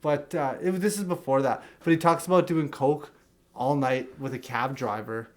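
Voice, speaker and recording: A young man co-hosting a casual podcast, animated and laughing often as he steers the chat. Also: mid-range voice, moderate pace. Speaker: podcast co-host.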